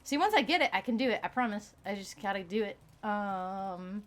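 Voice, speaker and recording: A man's voice: high voice, normal speed, a bit bright. A man from Texas streaming a game, chatting in a rambling, self-mocking way and laughing often. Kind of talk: casual chat while gaming.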